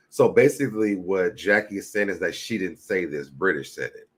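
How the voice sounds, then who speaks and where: A man's voice: sits low, expressive, normal speed, hardly any pauses. A man hosting a casual commentary show, chatting to viewers as y'all and reading social media posts aloud. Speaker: commentary channel host.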